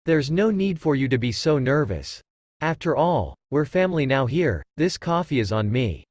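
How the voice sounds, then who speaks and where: A man's voice: medium pitch, very animated, moderate pace, darkish tone, dry recording, muffled recording. A man voicing a friendly, chatty male senior police officer.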